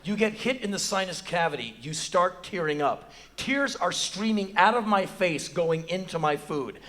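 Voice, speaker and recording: An American man in his forties telling a profane, animated story on a theater stage, acting out other people's lines in a high voice. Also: moderate pace. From United States. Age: 40s. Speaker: spoken word performer. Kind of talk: live spoken word storytelling. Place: theater stage before an audience.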